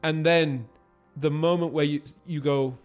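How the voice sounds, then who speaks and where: A man's voice: fairly high pitch, steady tone, measured pace, soft background music. A man, a voice actor, chatting casually with his stream viewers while playing a game, swearing freely as he answers their questions.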